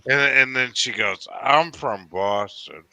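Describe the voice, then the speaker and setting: A man's voice: medium pitch, takes it slowly, vocal fry, sharp tone, no echo. A man from Cape Cod with a Massachusetts accent, rambling and swearing in a casual chat as host, with lots of fillers. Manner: rambling, profane, many fillers.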